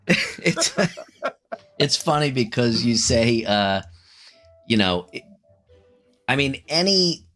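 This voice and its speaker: Brief: male co-host, animated and profane, lively voice that rises and falls. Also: mid-range voice, slow, pauses often, soft background music. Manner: swearing, animated, hesitant fillers. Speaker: podcast co-host. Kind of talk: casual chat.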